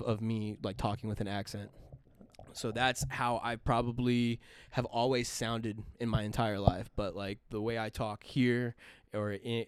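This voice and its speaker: A young man from California with a relaxed Californian accent, chatting casually as a podcast host, rambling with lots of fillers. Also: mid-range voice, clear, resonant tone, dry recording, studio quality. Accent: Californian, laid-back surfer type. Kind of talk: casual chat.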